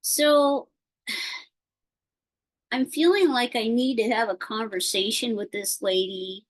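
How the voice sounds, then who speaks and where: A woman talks slowly and a little high over a video call connection. Her speech wanders and stalls on fillers and restarts as she tells her story in casual chat. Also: low-quality recording. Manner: rambling, halting, with many fillers. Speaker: participant sharing a concern.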